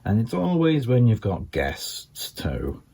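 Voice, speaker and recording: A man's voice: takes it slowly, vocal fry, slightly rough. An older man with a Scouse accent doing a rambling stand-up comedy routine, full of ums and asides. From England. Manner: rambling, filled with ums and you-knows, lively pitch swings.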